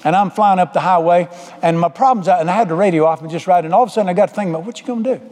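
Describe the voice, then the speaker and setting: Fast-talking preacher, hall echo. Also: male voice, high voice, steady tone, a little mellow. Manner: folksy, humorous, drawling storyteller. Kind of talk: folksy storytelling sermon. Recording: echoey hall.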